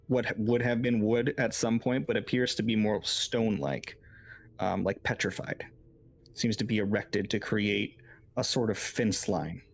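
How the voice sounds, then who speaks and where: A man's voice: on the low side, creaky. A man narrating as game master in a tabletop game, loose and full of fillers.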